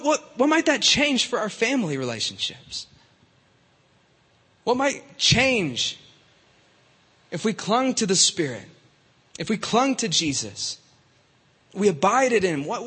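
A man's voice: extremely high pitch, fairly bright tone, breathy edge, big-room sound. A man preaching to young people in a casual, conversational way, with many fillers and restarts. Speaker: youth pastor. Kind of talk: youth sermon.

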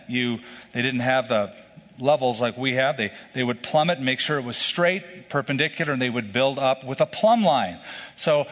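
In a large hall with long reverb, a male pastor with a fairly bright mid-range voice teaches through a scripture passage. His expository sermon is conversational and explanatory, with some casual asides.

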